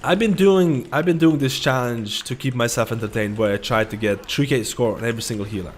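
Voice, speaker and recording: A man's voice: mid-range voice, fairly quick, a little hiss or hum. Rambling casual gamer guy. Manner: rambling, repetitive, profane, full of "dude" and "man". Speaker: livestreamer. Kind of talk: casual gaming commentary.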